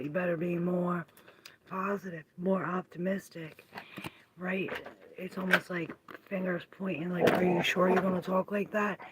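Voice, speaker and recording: A woman reads tarot cards on a live stream at an unhurried, drawn-out pace, musing as she goes and slipping into soft half-whispers. Her middle-pitched voice sits over a steady hiss of background noise from a home recording. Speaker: tarot reader.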